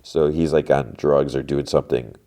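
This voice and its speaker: Very deep-voiced man, casually recapping. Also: steady tone, normal speed, mellow. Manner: chatty retelling, swaps curse words for "fudge". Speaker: podcast host.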